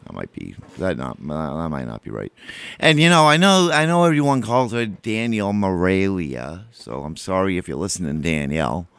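A man's voice: sits low, very animated, moderate pace, creaky, fairly bright tone, dry recording. A man hosting a college radio show, chatting casually and rambling between songs, correcting himself and humming filler beats. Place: radio studio.

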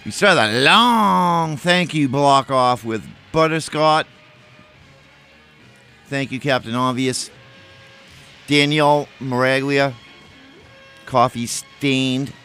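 A man's voice: medium pitch, slow, long pauses, bright, forceful tone, clear, resonant tone, faint music behind. A man hosting a college radio show, chatting casually and rambling between songs, correcting himself and humming filler beats. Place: radio studio.

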